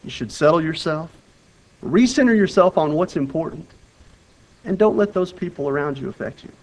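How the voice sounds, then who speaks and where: A man preaching a sermon in an earnest, conversational way. He repeats and restarts his phrases, and his delivery moves between loud urgency and quiet emphasis. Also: fairly high pitch, expressive, moderate pace, low-quality recording. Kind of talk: sermon with Bible reading.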